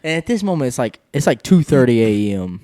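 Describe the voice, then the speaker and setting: A man's voice: mid-range voice, brisk, no echo, studio quality. A young man telling a casual story on a podcast, laughing often and swearing freely as he acts out what everyone said. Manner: laughing, profane, animated retelling.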